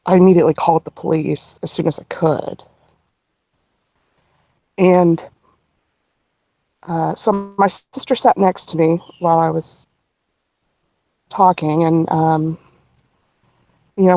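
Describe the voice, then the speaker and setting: A middle-aged woman telling a personal story as a podcast guest, earnest and halting, with frequent restarts. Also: fairly low pitch, darkish tone, dry recording.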